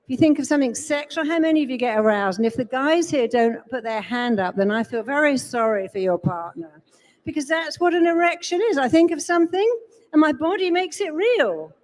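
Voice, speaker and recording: On stage in a large event hall, a woman gives an emphatic live seminar talk, slipping into quoted voices to drive her points home. She speaks briskly in a high-pitched voice with lively intonation.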